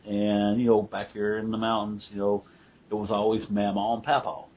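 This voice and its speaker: A man's voice: fairly low pitch, monotone, moderate pace, darkish tone, slightly rough. A man, co-hosting and telling a rambling family story, often correcting himself. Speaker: co-host, son of the guest.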